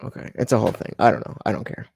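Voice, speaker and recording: A man commenting casually on a live stream, halting and filler-heavy, with sarcastic asides. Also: lowish voice, expressive, vocal fry, a little mellow, husky. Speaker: streamer reacting to a video.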